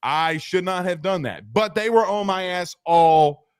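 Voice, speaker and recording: Animated man, higher voice. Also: a little slow, clear, resonant tone, no echo, clean studio sound. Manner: animated, joking storyteller. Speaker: sports talk show host. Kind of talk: casual sports talk.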